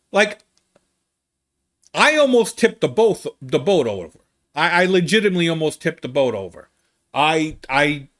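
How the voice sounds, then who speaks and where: Comic, slightly high-pitched guy, animated, rambling storyteller. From United States. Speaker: comedian host. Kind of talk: casual storytelling monologue.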